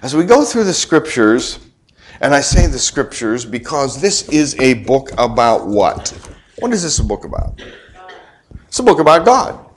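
Animated middle-aged pastor preaching. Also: male voice, medium pitch, a little slow. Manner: conversational preaching with rhetorical questions to the congregation; joking asides. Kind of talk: sermon.

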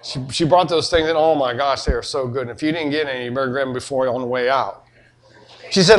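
A man's voice: mid-range voice, quick pace. A middle-aged man, preaching a sermon in a folksy, joking storytelling way. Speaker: pastor.

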